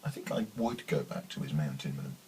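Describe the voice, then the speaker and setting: A young Englishman with a very deep voice that swings widely in pitch, delivering dry, deadpan quips. Faint background noise sits under the recording. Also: quick pace, poor audio. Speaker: co-host. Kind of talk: casual chat.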